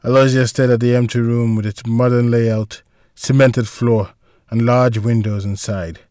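A man's voice: medium pitch, level tone, unhurried, dark tone, no echo. Dry-voiced male story narrator. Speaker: audiobook narrator. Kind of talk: scripted narration.

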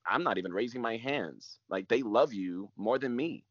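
A man's voice: medium pitch, animated, moderate pace, no room sound, highs cut off. A man, a pastor, giving an emotional personal testimony in an earnest way, repeating phrases and sometimes dropping almost to a whisper.

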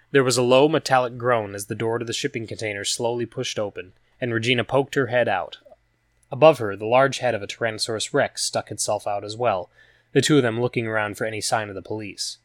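A man reading a story aloud as a narrator, in an even, measured storytelling manner. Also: medium pitch, dry recording, clean studio sound. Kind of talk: scripted audiobook narration.

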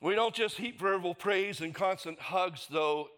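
A man's voice: high voice, measured pace, a bit bright. A middle-aged man preaching a sermon in a conversational way, asking the congregation rhetorical questions. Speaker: pastor.

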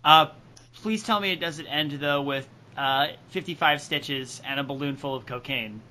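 A man co-hosting a podcast, reading part of a story and joking loudly and emphatically. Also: a little high, moderate pace. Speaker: podcast co-host.

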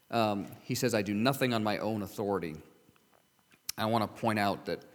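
Guy preaching a sermon, kinda low voice, asks lots of questions, big echoey hall. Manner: earnest, rhetorical questions, scripture reading. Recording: long hall reverb.

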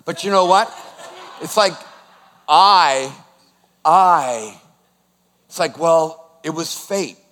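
A man in his sixties preaching a sermon as pastor, animated and emphatic, putting questions to the congregation. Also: fairly high pitch, measured pace, in a large hall. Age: 60s.

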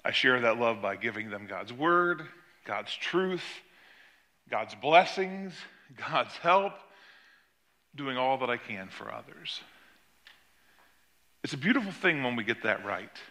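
A man's voice: sing-song, takes it slowly, long pauses, bright, forceful tone. An older man, a pastor, preaching a sermon and telling a story about his granddaughter. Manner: storytelling, acts out quoted voices with rising pitch.

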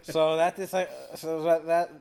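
A man's voice: a little high, level tone, a little mellow, smooth. A man from Iceland, a native Icelandic speaker, casually chatting and joking on a podcast. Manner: playful, quick with jokes. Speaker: podcast co-host. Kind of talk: casual chat.

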